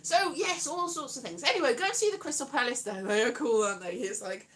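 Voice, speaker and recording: A woman's voice: a little high, brisk, a little hiss or hum. A woman vlogger rambling playfully about words, often singing her thoughts over her own guitar. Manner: whimsical, sings half her thoughts, playful wordplay. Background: guitar playing.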